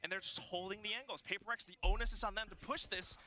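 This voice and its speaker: High-voiced male play-by-play caster. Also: fairly even intonation, quick pace, noisy background. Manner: dramatic, rising and falling calls. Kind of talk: esports play-by-play commentary.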